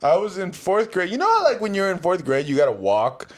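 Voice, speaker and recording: A young man co-hosting a podcast, chatting casually and rambling through loose, animated stories. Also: high voice, fairly quick. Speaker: podcast co-host. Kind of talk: casual chat.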